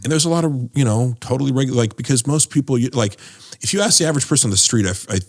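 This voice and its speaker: A man's voice: mid-range voice, expressive, very fast. A man telling long road stories in a casual podcast chat, rambling with lots of fillers and acting out what people said. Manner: rambling storyteller, many fillers, acts out quoted voices. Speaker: podcast guest, former tour companion of a comedian.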